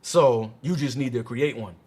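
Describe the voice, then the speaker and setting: A man's voice: medium pitch, normal speed, darkish tone. A man co-hosting a podcast in casual, profane chat, emphatic and encouraging. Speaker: podcast co-host.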